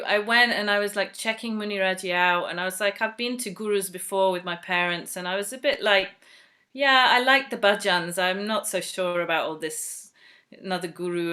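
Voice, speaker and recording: Woman from England, bright voice, personal storytelling, chatty and earnest, acts out quoted voices. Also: medium pitch. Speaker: devotee sharing a personal story.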